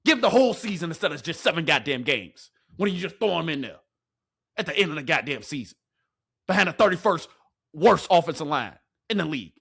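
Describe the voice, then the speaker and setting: A man's voice: fairly high pitch, big pitch swings, brisk, gravelly, fairly bright tone, slightly rough. A man hosting a fan sports commentary show, ranting heatedly with profanity and rhetorical questions. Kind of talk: fan reaction rant.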